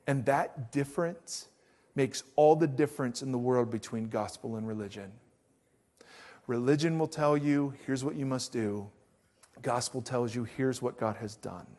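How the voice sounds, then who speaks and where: A middle-aged man preaching a sermon as pastor, telling stories with acted-out quotes in an animated way. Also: mid-range voice.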